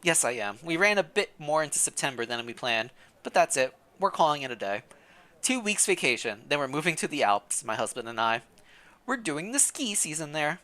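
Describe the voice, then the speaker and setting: A man's voice: a little high, big pitch swings, brisk, pushed and bright. A man voicing a middle-aged village baker woman who is wary and gossipy, speaking in a confiding, cautious way while reading a story game aloud. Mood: brisk.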